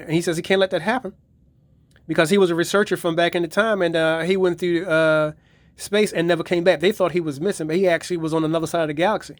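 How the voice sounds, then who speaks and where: Brief: man, higher voice, rambling and profane, dry close mic. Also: steady tone, fast talker, no room sound. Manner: profane, rambling retelling of episodes. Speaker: collector reviewing his DVD collection. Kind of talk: casual video review.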